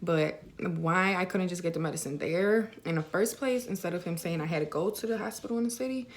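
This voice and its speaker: Talking to camera about something that happened to her, a young vlogger keeps things casual and chatty, leaning heavily on fillers like "like" and "you know." She speaks fairly quickly in a voice on the low side.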